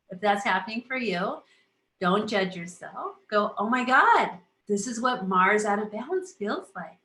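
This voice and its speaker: A woman's voice: medium pitch, pushed and bright. A woman astrologer hosting a casual live stream, bubbly, laughing often and acting out little inner voices as she talks to viewers. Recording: roomy echo.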